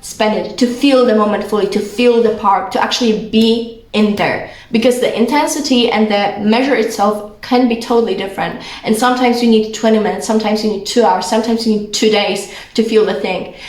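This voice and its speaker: A woman's voice: medium pitch, fairly even intonation, echoey room. A young woman from Poland with a Polish accent, talking earnestly and rambling through a casual vlog monologue full of fillers. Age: young adult. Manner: earnest, rambling, filler-heavy, quick bursts. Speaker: vlogger.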